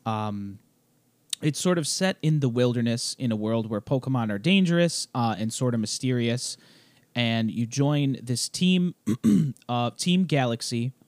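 A man co-hosting a casual podcast chat while a little sick, clearing his throat, explaining things wryly with lots of fillers. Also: medium pitch, animated, measured pace, dry recording. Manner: chatty, wry, explains game at length with many fillers. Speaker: podcast co-host.

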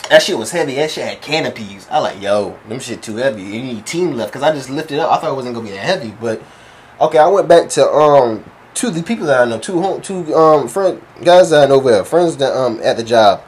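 A man's voice: mid-range voice, fairly quick. A young man telling a workplace story in casual chat, acting out what people said with heavy slang. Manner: animated, acts out quotes, heavy slang.

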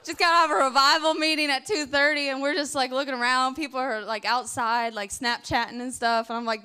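Young woman preacher, high clear voice, animated storyteller. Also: fairly quick, hardly any pauses. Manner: animated, acts out frantic praying and stories. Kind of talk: sermon.

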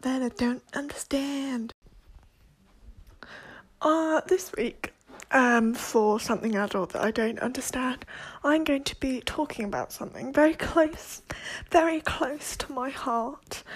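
A young woman with a high voice rants through a casual solo monologue. She sounds exasperated, swears freely and keeps slipping into whispered asides. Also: measured pace, slightly rough. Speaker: podcast host.

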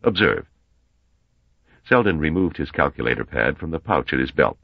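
A man narrating an audiobook in a steady, expressive reading. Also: a bass voice, fast, gravelly, dry recording, highs cut off. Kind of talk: scripted narration.

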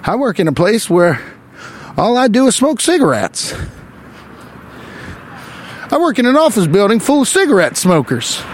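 A strutting 1920s dandy with slicked hair and a bully's swagger, as a man puts him on. The voice sits well above a normal speaking pitch and bounces through a lively range. He talks in clipped, old-timey tough-guy patter. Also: moderate pace, long pauses, a little hiss or hum. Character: swaggering 1920s dapper man, brutish and boastful.

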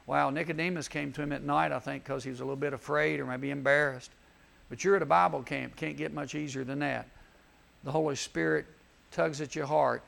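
A man preaching gently and earnestly at a camp chapel, leading a prayer and an invitation. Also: fairly high pitch, fairly even intonation, brisk, creaky. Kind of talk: sermon with altar call prayer.

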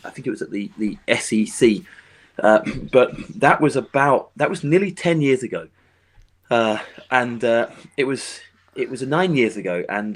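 An English man who plays music chats as a guest in a casual interview, rambling with many restarts and fillers. His voice is mid-range with a fairly bright tone.

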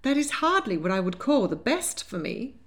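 A woman voicing a spirited young lady who answers in a crisp, indignant way. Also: a little high, big pitch swings, moderate pace, a bit bright, voice pushed up. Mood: defiant.

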